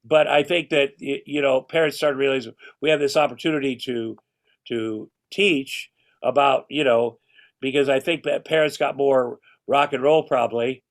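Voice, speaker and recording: A man's voice: mid-range voice, fairly even intonation, moderate pace. A man in his sixties, a podcast guest, chatting casually and rambling with restarts and casual swearing. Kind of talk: casual chat.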